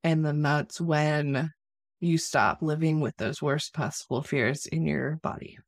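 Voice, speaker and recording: A woman co-hosting a podcast, calmly explaining in casual chat and often saying "like". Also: low voice, measured pace, no echo, clean studio sound. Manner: calm, explaining, uses "like" often. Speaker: podcast co-host.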